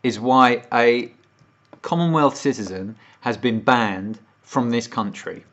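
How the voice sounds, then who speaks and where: A British man holds forth on a casual livestream, voice at a middling pitch. He swears freely and rants, growing more heated. The sound is dull and lo-fi. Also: slow pace, fairly bright tone. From United Kingdom. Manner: ranting, swearing, more worked up as he goes. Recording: dull lo-fi stream audio.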